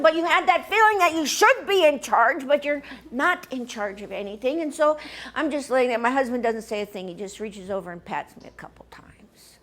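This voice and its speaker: A woman from the United States telling a personal story on stage, animated and acting out the voices of others, often laughing. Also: high voice. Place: stage before a live audience.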